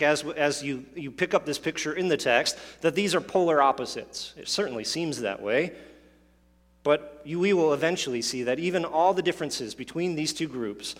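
A man preaching a sermon, explaining a scripture passage, asking rhetorical questions and adding asides. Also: a little high. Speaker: pastor. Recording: long hall reverb.

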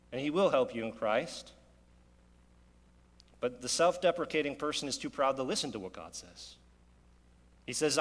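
A man's voice: fairly high pitch, fairly bright tone, big-room sound. A man preaching a sermon in an earnest, conversational way, often asking his listeners rhetorical questions. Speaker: pastor.

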